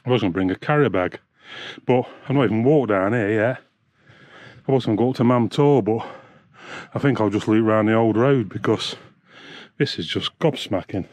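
A man's voice: on the low side, moderate pace, darkish tone, dry recording. A man, ranting angrily and swearing while vlogging on a hiking trail. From England. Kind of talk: angry outdoor vlog.

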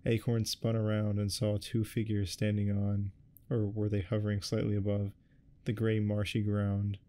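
Male ASMR reader, low flat voice, deadpan storybook narration. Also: normal speed. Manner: deadpan, irreverent asides. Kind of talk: soft-spoken ASMR reading.

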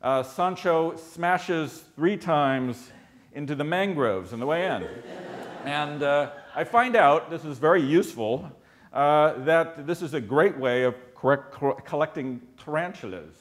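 An American man telling a comic expedition story on stage, animated and wry, with comic pauses. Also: on the high side. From United States.

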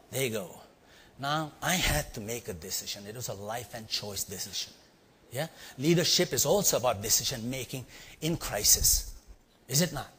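A middle-aged man with an Indian accent, his mid-range voice a bit bright and husky, tells a leadership story to a live audience in a large hall. He playfully asks questions and acts out sounds, and the hall's reverb lingers long.

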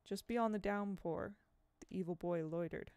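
A woman narrating an audiobook in a measured, expressive reading at a home microphone. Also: lowish voice, clear, resonant tone, no echo.

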